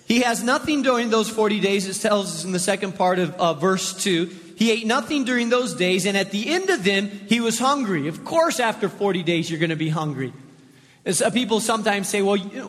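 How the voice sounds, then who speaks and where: A man's voice: sits high, a bit bright, long reverb tail. A male pastor preaching a sermon in a conversational way, repeating points for emphasis. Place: church.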